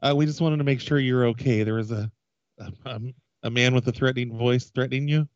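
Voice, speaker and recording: A man's voice: medium pitch, steady tone, a little fast, dry recording, muffled recording. A man on a comedy show posing as a polite phone operator, apologizing a lot. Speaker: co-host playing an operator.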